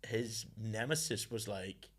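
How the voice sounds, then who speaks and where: A young man with a Northern Irish accent, a comedian guest in casual, animated chat who keeps slipping into silly voices. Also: fairly low pitch, slow pace, husky. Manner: animated, jumps into silly voices, says "lad".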